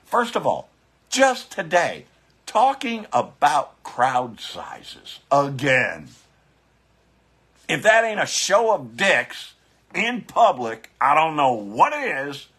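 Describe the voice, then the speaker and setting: A husky, bright-voiced man rants into his phone, swearing and fiery as he talks to his viewers. His pitch swings widely while he drags the words out slowly, circling back to the same catchphrases. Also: wildly swooping pitch. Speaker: biker vlogger. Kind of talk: profane live-streamed political rant.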